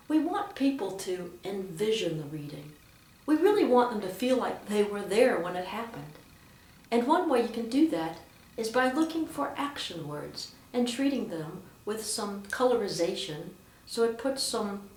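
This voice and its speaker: A woman teaching church readers how to read aloud, speaking with strong emphasis and reading examples expressively. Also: medium pitch. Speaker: lector trainer. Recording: roomy echo, mic at a distance.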